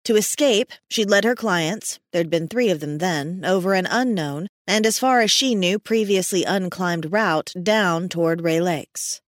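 A woman narrating an audiobook in a steady, measured storytelling manner. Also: lowish voice, no echo, clean studio sound.

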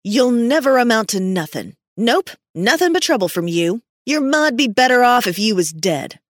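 A woman's voice: on the high side, big pitch swings, normal speed, dry recording, studio quality, pitched above the performer's own voice. A woman voicing a spiteful, coarse woman who speaks with scornful, drawled slang. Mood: contemptuous. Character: spiteful coarse woman, hard-bitten and cruel.

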